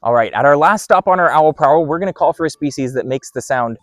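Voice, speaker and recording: An upbeat man hosts an outdoor educational segment beside wooded trails. His voice sits fairly high and moves around a lot as he explains things playfully. It sounds close and dry, with faint music in the background. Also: expressive, fast talker, few pauses, no room sound. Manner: upbeat and playful, doing owl calls. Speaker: park host.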